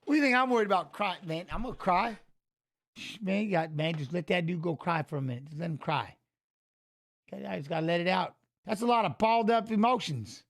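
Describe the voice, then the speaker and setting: A man's voice: sits high, fairly quick, gravelly. A man giving casual, rambling commentary on a live fight watch-along, chatting with viewers as he watches. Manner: rambling, talks to chat viewers, emotional.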